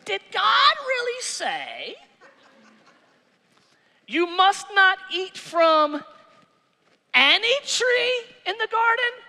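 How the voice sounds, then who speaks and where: Man putting on a crafty serpent voice, high and slow, sneering, echoing hall. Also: wildly swooping pitch, vocal fry, pushed and bright, exaggerated voice. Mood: sly. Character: sly tempting male serpent, crafty.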